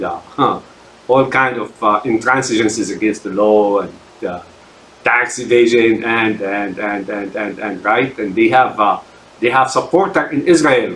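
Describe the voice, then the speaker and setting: Man, mid-pitched voice, unscripted rant, emphatic, lots of uh and repeated words, echoey room. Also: a bit bright, slight background noise. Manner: heavy with fillers and repeated words; emphatic, sweeping declarations. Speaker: political commentator.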